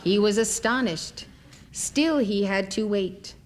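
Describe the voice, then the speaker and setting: A woman lecturer reading spiritual stories aloud in a measured, deliberate way. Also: medium pitch.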